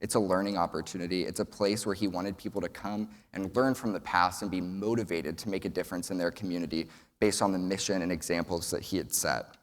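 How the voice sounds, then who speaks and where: This young student speaker from Texas has a low-pitched, slightly bright voice. In a large event hall with long reverb, he delivers an earnest prepared speech at a summit and tells a folksy joke.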